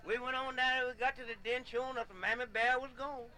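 High, bright man spinning tall tales. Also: fairly even intonation, fast, rough recording. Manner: folksy, laughs often, repeats "yeah". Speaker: storyteller. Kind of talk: comic folk storytelling.

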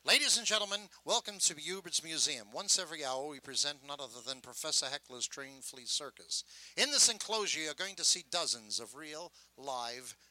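An older man putting on the booming, rhythmic sales patter of a carnival sideshow barker. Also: animated, moderate pace, bright, forceful tone, low-quality recording. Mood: showy. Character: loud fast-talking male carnival barker. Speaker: sideshow talker.

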